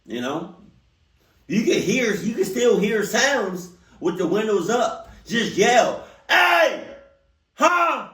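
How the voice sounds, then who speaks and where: A man riffs on a story in casual reaction commentary, his slangy jokes bouncing over a wide, animated pitch. His voice sits higher than most men's. The sound is roomy and set back from the mic. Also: slow, recorded from a distance. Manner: animated, slangy, joking rants. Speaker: reaction video host.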